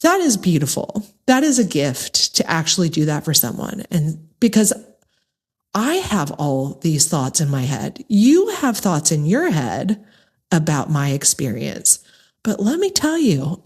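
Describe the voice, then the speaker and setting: A woman with a low, deep speaking voice and an American accent, hosting her own podcast. She talks candidly and earnestly to her listeners, with direct, lively emphasis. She sounds middle-aged. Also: measured pace, husky. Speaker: podcast host. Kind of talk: personal monologue to listeners.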